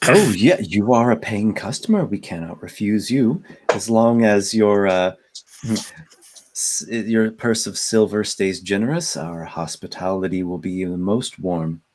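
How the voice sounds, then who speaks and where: A man's voice: on the low side, a little slow, a little mellow. A man voicing a gracious, persuasive madam who hosts paying guests, speaking courteously in a tabletop game. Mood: welcoming. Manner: smooth, courteous, persuasive host talk. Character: gracious female madam of a house.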